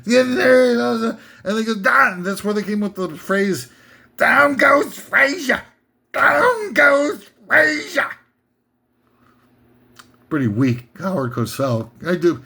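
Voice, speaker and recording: Comic host, American man, high voice, slow unhurried rambling monologue with shouted asides. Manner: rambling, self-interrupting, bursts into shouted impressions. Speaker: host of a comedic top ten list.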